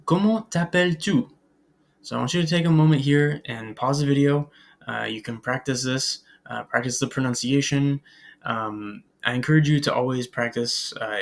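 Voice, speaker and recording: A man teaching a beginners' French lesson over slides, patient and filling pauses with "uh" and "um" as he models French phrases. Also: mid-range voice, creaky. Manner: patient, many filler "uh"s and "um"s; switches into careful French pronunciation models. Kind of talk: recorded slide lecture.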